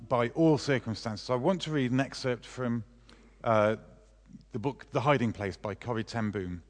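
A male preacher giving a sermon and reading a book excerpt aloud in a measured way, with some hesitant fillers. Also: mid-range voice. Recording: long reverb of a large hall.

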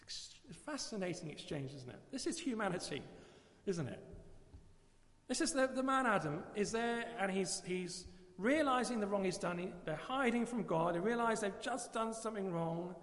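A man's voice: high-pitched, expressive, moderate pace, a bit bright. A man preaching a sermon in a church, earnest and asking the congregation rhetorical questions. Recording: live church recording with long hall reverb.

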